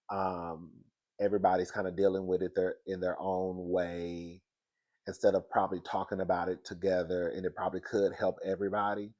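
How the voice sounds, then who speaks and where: A man's voice: sits low, darkish tone. A man with a stuffy nose from crying, recapping a reality show in casual chat and calling his listeners "girl.". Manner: chatty, talks to listeners as "girl".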